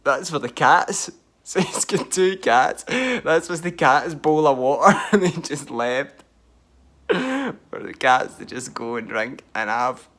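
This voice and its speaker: A man's voice: a little high, sing-song, takes it slowly, fairly bright tone. A young man telling a self-mocking story in casual style, often laughing. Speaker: vlogger.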